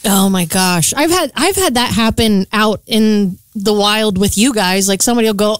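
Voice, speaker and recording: A woman with a smooth, clear voice, telling a gossipy story on a radio show and playing every character as she goes. The sound is close and dry. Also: mid-range voice, moderate pace, hardly any pauses, no echo. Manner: animated storyteller, acts out quoted voices. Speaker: radio co-host. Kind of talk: casual morning radio banter.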